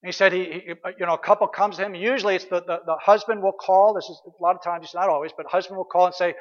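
A man's voice: high-pitched, fairly even intonation, fast talker, few pauses, in a large hall, muffled recording. A man pastor giving an earnest, conversational sermon with emphatic repeated phrases.

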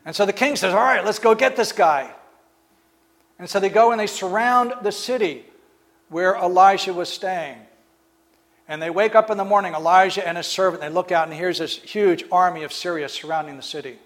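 A man with a notably high voice delivers a sermon, retelling one story after another in a relaxed, chatty way. He slips into quick acted-out lines for the people in each story. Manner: storytelling, acts out speakers in the stories, fillers. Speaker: preacher.

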